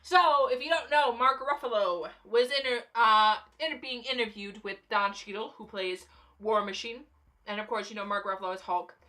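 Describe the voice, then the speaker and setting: Bright chatty young woman vlogger. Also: on the high side, normal speed. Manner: chatty and playfully sarcastic. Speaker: YouTube vlogger. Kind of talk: casual movie commentary.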